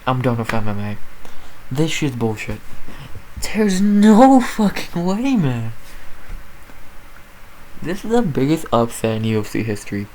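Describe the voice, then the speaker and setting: A woman giving a profane, exasperated rant about a fight result, talking with loud disbelief and constant swearing. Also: rumbling low, animated, normal speed, pauses often, rough recording. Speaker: MMA commentator. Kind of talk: sports recap rant.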